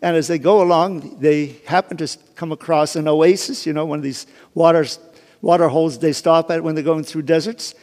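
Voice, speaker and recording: A man's voice: fairly high pitch, steady tone, a little fast, darkish tone. A man giving an informal sermon, retelling a Bible story conversationally, with many restarts and asides. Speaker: preacher. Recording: long hall reverb.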